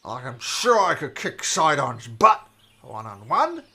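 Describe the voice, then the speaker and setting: A man's voice: mid-range voice, big pitch swings, measured pace, bright, forceful tone, breathy edge, full character voice. A man voicing a boastful, tipsy old king who claims to be a god, rambling and stammering grandly. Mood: earnest.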